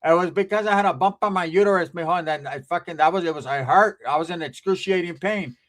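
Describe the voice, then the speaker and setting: A man's voice: sits high, fast, fairly bright tone. A man voicing his other aunt as she complains bluntly and curses about family trouble. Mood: complaining. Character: blunt cursing aunt, middle-aged woman.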